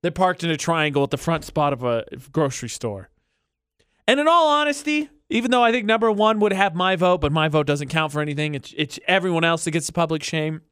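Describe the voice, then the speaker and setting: A man with a high, smooth, clear voice banters casually as a radio co-host, heard dry and close on a studio mic. He talks in an animated way and slips into mocking voices to poke fun at people. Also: fairly quick, dry recording.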